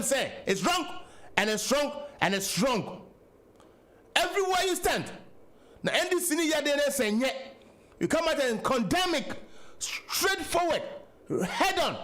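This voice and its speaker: A man's voice: sits high, a bit bright. A man with a Ghanaian accent hosting a political talk radio show, speaking in an impassioned, repetitive way and switching between English and Twi.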